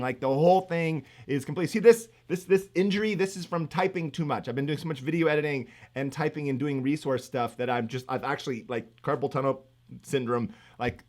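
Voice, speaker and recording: A middle-aged man teaching economics on a live stream, energetic and hyped, rambling with lots of fillers. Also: fairly high pitch. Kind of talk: live-streamed exam review.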